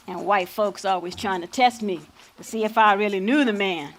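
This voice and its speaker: A woman acting out a proud old freedom fighter in a stage play. She spins folksy tales with a sly, playful edge and doesn't back down an inch. Her pitch sits mid-range for a woman. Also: normal speed, slight background noise, lightly acted. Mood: patient explaining. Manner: folksy vernacular storytelling, playful and defiant. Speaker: lead actor.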